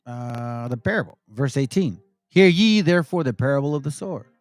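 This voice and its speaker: A man's voice: fairly high pitch, a little mellow, no echo. A man teaching scripture in a casual, slang-laced style, reading verses aloud and explaining them.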